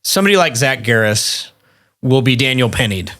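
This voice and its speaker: A man's voice: mid-range voice, big pitch swings, normal speed, sharp tone. A man co-hosting a podcast in casual chat, steadily leading the talk and asking questions. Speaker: podcast co-host.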